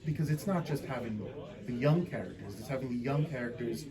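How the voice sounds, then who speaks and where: A fan at a convention asking a question in a halting way, with lots of fillers. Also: male voice, mid-range voice, crowd noise, poor audio. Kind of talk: audience question. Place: convention hall.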